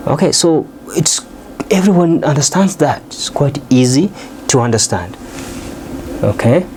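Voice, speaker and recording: A man's voice: mid-range voice, animated, darkish tone, a little hiss or hum. Man teaching an English lesson. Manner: explanatory, checks in with "okay?", frequent "uh" pauses. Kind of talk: recorded video lesson.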